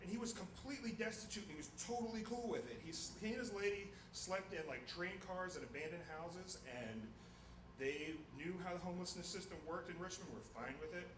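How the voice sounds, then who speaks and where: A man's voice: high voice, a little fast, reverberant, distant mic, noisy background. A man telling a wry, self-mocking comic story to a live audience. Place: theater stage before a live audience.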